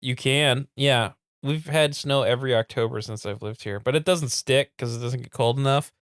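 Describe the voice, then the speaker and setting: A man's voice: mid-range voice, moderate pace, fairly bright tone, clear, resonant tone, no room sound, clean studio sound. A man co-hosting a podcast in easygoing casual chat. He laughs often. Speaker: podcast co-host.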